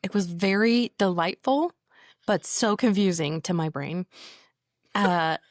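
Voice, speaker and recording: A woman's voice: on the low side, unhurried, no echo. Playful woman podcast guest, dry mic. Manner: animated, playful, talks louder at times. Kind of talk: casual podcast chat. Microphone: podcast microphone.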